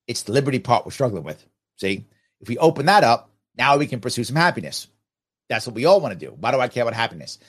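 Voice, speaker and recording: A man hosting a podcast, answering viewer comments in casual talk, animated and emphatic, asking himself rhetorical questions. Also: medium pitch, quick pace, breathy edge.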